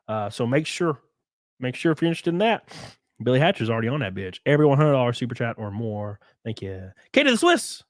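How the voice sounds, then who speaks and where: A man hosting a livestream, reading viewer donations and ranting in a profane, excitable way. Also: mid-range voice, no echo, clean studio sound. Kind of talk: casual livestream chat and rant.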